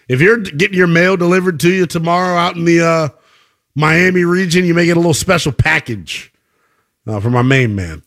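Sports radio host guy, slangy and teasing, kinda high voice. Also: fairly bright tone. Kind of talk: radio call-in talk.

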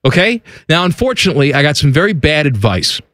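A man's voice: fairly high pitch, very animated, fast, fairly bright tone, dry recording, clean studio sound. A man in his forties hosting a radio show, joking and teasing in casual banter. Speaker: radio host.

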